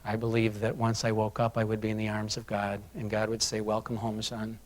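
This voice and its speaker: A man giving a talk to an audience, telling a personal story in an earnest, confessional way and dropping to a hush for painful parts. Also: fairly low pitch, completely flat delivery, brisk. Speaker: corporate diversity speaker. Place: conference room before a live audience.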